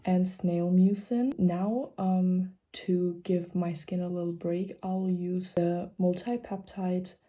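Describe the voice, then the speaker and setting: A woman's voice: lowish voice, fairly even intonation, slow pace, few pauses, warm tone. Chatty young German woman vlogger. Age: young adult. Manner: chatty, rambling, informal. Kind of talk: casual vlog chat.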